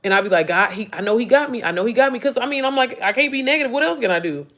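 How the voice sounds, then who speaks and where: A woman's voice: a little high, rapid-fire. A woman in her thirties hosting a casual livestream, talking animatedly with lots of swearing and reading out viewer comments. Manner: animated, profane, calls viewers "baby" and "y'all"; reads and answers viewer comments. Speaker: livestream host. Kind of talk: casual motivational livestream chat.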